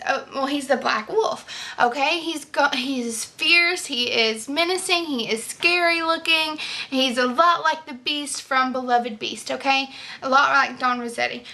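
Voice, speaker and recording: A woman's voice: sits high, sharp tone. Chatty young woman gushing about books. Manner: enthusiastic, chatty, many fillers. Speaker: book vlogger. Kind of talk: casual book review chat.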